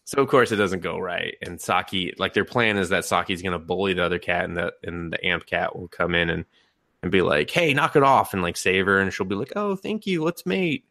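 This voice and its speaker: Animated laughing man, bright edgy voice. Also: sits low, a little fast, dry recording, clean studio sound. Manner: animated retelling with laughs and swearing. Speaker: podcast co-host. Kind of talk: casual chat.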